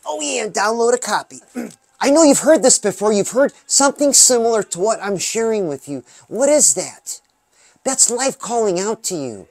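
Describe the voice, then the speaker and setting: A man giving an upbeat, preachy pep talk about dreams and goals, often breaking into drawn-out "oh yeah"s while presenting a music video. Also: high voice, animated, dry recording. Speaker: music video reactor and motivational vlogger. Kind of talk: motivational talk.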